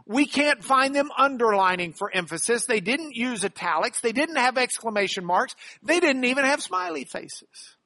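A middle-aged man teaching a Bible class in a lively lecture style, animated and jokey, with playful asides. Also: very high voice, moderate pace, few pauses.

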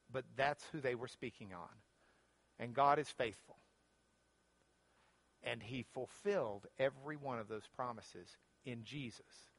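A man teaching a Bible lesson as a sermon, earnest and rising in pitch when he quotes Scripture, closing in prayer. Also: a bit bright, dry recording.

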